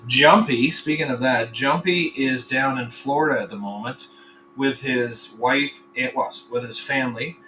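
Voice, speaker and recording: A man's voice: medium pitch, measured pace, bright, forceful tone, recorded from a distance, a little hiss or hum, low-quality recording. A man hosting a casual live podcast, rambling between topics, swearing freely and telling crude jokes. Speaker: podcast host. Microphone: computer microphone.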